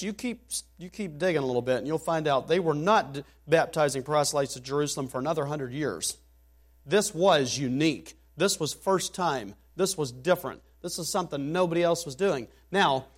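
A man with a fairly high voice delivers a sermon verse by verse. He reads old scripture aloud and drives his points home with rising, emphatic repetition. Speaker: preacher.

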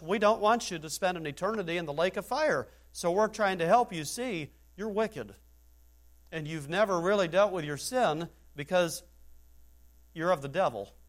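Fervent male preacher, higher voice. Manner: fervent, rhetorical, shifts between low asides and raised exhortation. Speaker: pastor. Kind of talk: sermon.

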